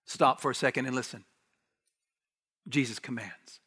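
A man preaching a sermon as a pastor, swinging from hushed near-whispers to raised, urgent lines and repeating words for emphasis. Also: mid-range voice, lively intonation, normal speed, long pauses, breathy edge.

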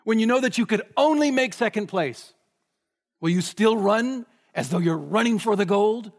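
A man's voice: high-pitched, expressive, moderate pace. A man preaching a sermon in a conversational way, often asking the listeners questions. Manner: conversational, asks the congregation questions.

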